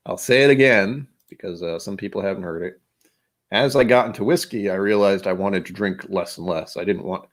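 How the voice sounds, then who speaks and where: A man with a fairly low voice hosts a relaxed livestream. He talks casually and rambles, restarting sentences and poking fun at himself. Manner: rambling, self-deprecating, with frequent restarts. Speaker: host of a whisky livestream.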